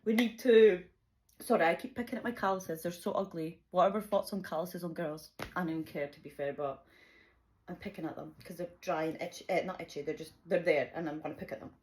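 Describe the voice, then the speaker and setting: A young woman telling a chaotic personal story, animated and swearing freely, laughing often. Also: on the low side, fast. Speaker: vlogger. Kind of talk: casual storytime.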